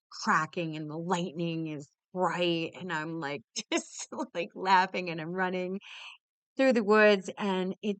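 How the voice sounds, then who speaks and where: A woman's voice: on the low side, clear, resonant tone, dry recording. A woman telling a story in a casual, exuberant way, swearing freely, laughing often and restarting her sentences. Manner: many restarts and repeated words. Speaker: podcast host.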